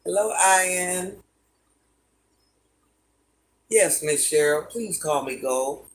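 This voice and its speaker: A woman in her fifties speaks very slowly in a lowish, expressive voice while hosting a casual livestream from home. She reads out her viewers' comments and responds to each one easily.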